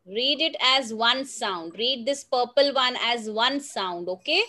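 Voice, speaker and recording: A woman's voice: fairly high pitch, a little slow, sharp tone. A woman teaching young children phonics, sounding out words and telling a simple story in a patient, coaxing way. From India.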